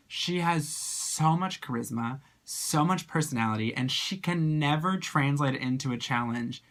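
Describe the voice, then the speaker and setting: A drag performer giving a casual video review, animated and gushing, full of slang and sudden high excited exclamations.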